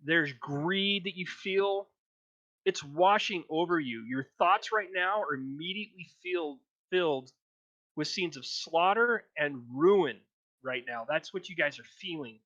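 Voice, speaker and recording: Game master, deliberate descriptive narration, bright tone, lo-fi stream sound. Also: mid-range voice, dry recording. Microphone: headset or desk mic for a live stream.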